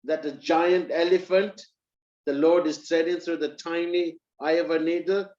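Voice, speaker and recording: A man's voice: on the high side, steady tone, normal speed, a little mellow, close to an everyday voice. A proud Brahmin scholar sneers and scoffs in a raised, mocking voice, as a man puts him on while telling a sermon story. The recording is roomy and a little dull. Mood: scornful. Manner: mocking, indignant.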